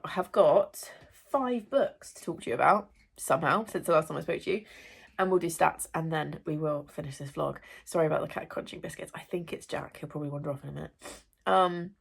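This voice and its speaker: Congested woman with a gravelly voice. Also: low voice, fairly quick. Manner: chatty, apologetic asides. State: congested, ill. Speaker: booktuber, English teacher. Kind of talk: casual reading wrap-up vlog. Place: at home.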